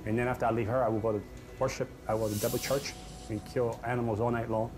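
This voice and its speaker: A man's voice: medium pitch, little pitch movement, fast. Earnest man telling his testimony. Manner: earnest, dramatic storytelling. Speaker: testimony speaker. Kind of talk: personal testimony. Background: music.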